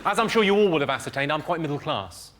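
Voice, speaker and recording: A man with a posh southern English accent doing stand-up one-liners in a clipped, deadpan delivery, recorded live at a comedy show. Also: on the high side, fast talker, a loud crowd, heavy background noise. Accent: English, southern received pronunciation. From England, home counties. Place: live comedy venue with audience. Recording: live show recording with loud audience laughter.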